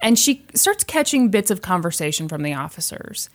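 A woman's voice: fairly low pitch, normal speed. A woman hosting a podcast, telling a creepy true story in casual chat and acting out the voices of the people in it. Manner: animated storyteller, acts out quoted voices. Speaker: podcast host.

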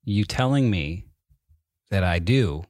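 A man's voice: on the low side, expressive, slow pace, a little mellow, no echo, clean studio sound. A man co-hosting a podcast from bed at home, rambling through exasperated rhetorical questions. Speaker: podcast co-host. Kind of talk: casual chat.

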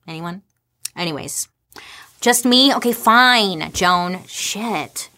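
A woman's voice: medium pitch, animated, slow pace, sharp tone. A woman hosting a casual comedic history explainer, irreverent and sarcastic, swearing freely and tossing rhetorical questions at her audience.

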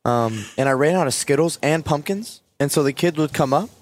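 A man's voice: fairly high pitch, fairly quick. A man in a group podcast chat, telling a funny anecdote with laughter.

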